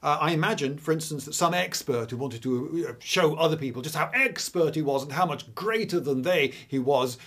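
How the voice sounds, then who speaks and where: Man, fairly high voice, casual history talk, dry humour, hesitant "uh"s. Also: expressive, brisk, few pauses, fairly bright tone. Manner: chatty, digressive, dry humour, frequent "uh"s. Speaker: history video host. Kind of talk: casual video lecture.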